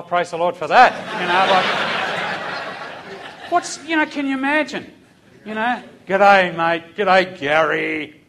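An older Australian man, a police officer, telling a lively testimony story in church and acting out the voices. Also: on the high side, slight background noise.

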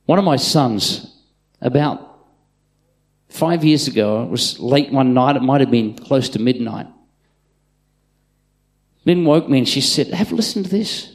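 A middle-aged man preaching a live sermon in a church, telling stories and swinging from loud calls to hushed asides. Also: mid-range voice, a little slow, long pauses. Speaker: pastor. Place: church auditorium with congregation.

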